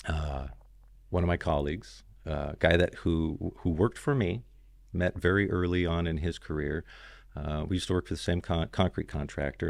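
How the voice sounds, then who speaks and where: A man's voice: a bass voice, creaky, no room sound, clean studio sound. A man guesting on a podcast, telling his story in a loose, rambling way full of "you know" and "man". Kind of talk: casual storytelling interview.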